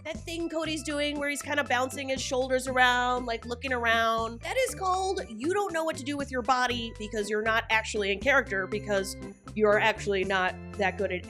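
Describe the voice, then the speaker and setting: A woman's voice: high-pitched, a bit bright. A woman hosting a reality TV recap, talking in a sarcastic, joking commentary style. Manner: sarcastic, jokey, mock voices.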